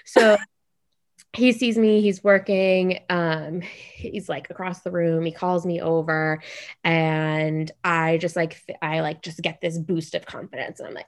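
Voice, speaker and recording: A young adult woman telling a funny story in casual podcast chat, animated and full of "like". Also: on the low side. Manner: animated, fast, heavy use of "like".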